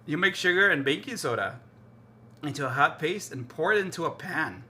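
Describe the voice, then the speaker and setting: A man chatting casually to his stream while cooking in his kitchen, excitable and rambling, often repeating himself. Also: a little high, normal speed, slight background noise. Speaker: live streamer. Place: home kitchen.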